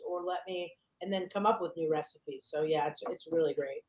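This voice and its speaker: A woman chef chatting casually on a podcast, lively and talkative, often acting out what she says to herself. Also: low voice, moderate pace. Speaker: chef and guest cohost.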